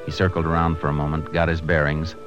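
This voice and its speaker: An actor playing a calm, resourceful tracker who narrates in an old radio drama. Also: male voice, rumbling low, fast talker, lo-fi sound, over music. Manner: calm, even narration; clipped commands. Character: steady, resourceful adult male tracker. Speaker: narrator and lead detective. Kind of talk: 1950s radio drama acting.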